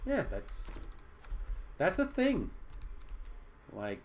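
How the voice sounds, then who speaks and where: A man's voice: sits high, wildly swooping pitch, extremely slow. A man streaming a game, chatting casually and rambling a little, poking fun at himself. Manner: rambling, self-deprecating. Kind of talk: casual gameplay chat.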